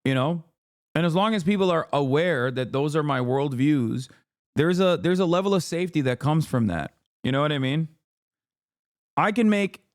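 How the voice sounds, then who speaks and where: A man's voice: a little high, dry recording. Angry, profane man on a close, dry mic. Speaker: streamer reacting to clips. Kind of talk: heated commentary.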